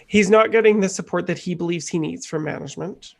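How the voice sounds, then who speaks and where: A man's voice: high voice, fast talker, creaky. A middle-aged man co-hosting a life coaching podcast, telling stories earnestly in casual chat. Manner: earnest, animated storytelling with acted quotes.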